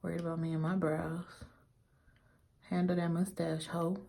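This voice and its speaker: A woman's voice: lowish voice, flat delivery, normal speed, gravelly, dark tone. A young woman, a little tipsy, chatting casually through a makeup tutorial, rambling and swearing in playful trash talk. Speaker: beauty vlogger.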